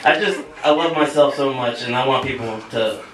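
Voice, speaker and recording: A man's voice: mid-range voice, moderate pace, a crowd in the background, noisy background. A young man doing a stand-up set in a small cafe, rambling and self-mocking with lots of fillers. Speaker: stand-up comedian. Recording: echoey room, mic from far off, audience laughter. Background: audience laughing.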